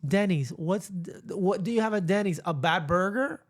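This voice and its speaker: A man's voice: high voice, normal speed, a little hiss or hum. A man co-hosting a podcast, chatting casually and rambling, slipping in Spanish words. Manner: animated, rambling, mixes in Spanish. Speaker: podcast co-host. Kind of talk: casual chat.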